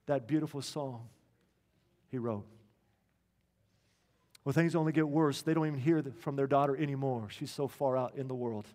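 A man, a pastor, tells a story in an earnest sermon, slowing down to stress key lines. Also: medium pitch, fairly even intonation, darkish tone, long reverb tail.

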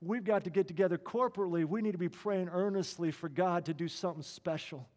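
A man, a pastor, tells a story in an earnest sermon, slowing down to stress key lines. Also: sits high, darkish tone, long reverb tail.

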